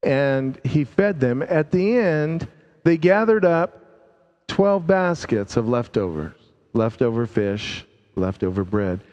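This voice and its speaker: A man preaching a sermon, slow and emphatic, drawing out key words and dropping his voice low to stress them. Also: lively intonation, darkish tone, big-room sound, dull audio.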